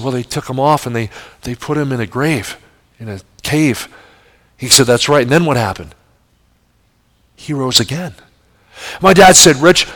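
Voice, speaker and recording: A man in his fifties with a New Jersey accent preaches with earnest conviction. His mid-pitched voice climbs into loud, emphatic questions, then drops into soft, hushed murmurs when he tells his own story. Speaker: pastor. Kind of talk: sermon.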